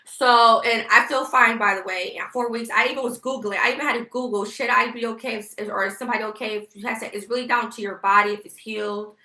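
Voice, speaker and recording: A woman's voice: on the high side, steady tone, fast, hardly any pauses, sharp tone. A woman venting to her viewers in a casual storytime vlog, talking in an emphatic, heated and profane way. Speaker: vlogger. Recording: echoey room.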